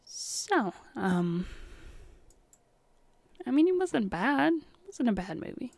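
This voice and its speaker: A woman's voice: on the high side, very animated, slow, vocal fry, darkish tone, no room sound. A woman hosting a livestream, chatting casually and wryly with her viewers about an old film. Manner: chatty, wry, talks back to chat. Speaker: livestream host. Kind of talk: casual chat while watching a film.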